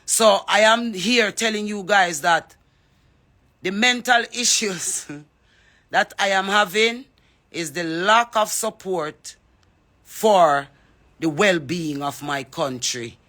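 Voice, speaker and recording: A Jamaican woman speaks in a fervent, preaching way, calling people out one by one. Her voice is bright and forceful, and she uses it to make a pressing appeal on social media. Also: medium pitch, slow. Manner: fervent, preachy, calls out names. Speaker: singer.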